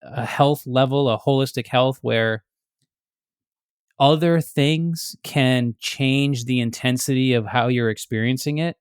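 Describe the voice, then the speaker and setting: A man's voice: medium pitch, a little slow, clean tone, no echo. Thoughtful man explaining, dry sound. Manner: thoughtful, explains step by step with frequent restarts. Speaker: podcast host. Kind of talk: casual explanatory chat.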